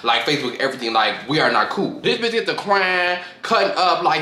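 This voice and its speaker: A young man telling a profane, animated storytime to his vlog audience, often breaking into laughter. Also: on the high side, brisk, hardly any pauses, slight background noise. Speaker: vlogger. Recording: echoey room.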